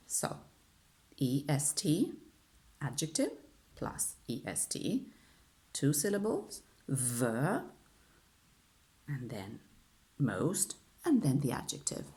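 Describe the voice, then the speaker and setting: Slow, lilting woman teaching English grammar. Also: low voice. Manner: slow drilling with many repetitions and "okay?" checks. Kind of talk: online grammar lesson.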